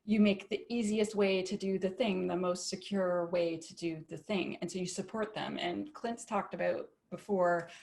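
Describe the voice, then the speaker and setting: A woman's voice: lowish voice, fairly even intonation, moderate pace, gravelly, hardly any pauses, a little mellow. A woman with a Canadian accent, speaking casually as a panelist with lots of filler words.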